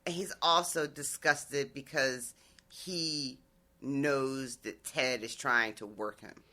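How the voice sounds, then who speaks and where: A podcast co-host chatting casually about a show, expressive, laughing a lot and swearing freely. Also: mid-range voice, takes it slowly. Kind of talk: casual recap chat.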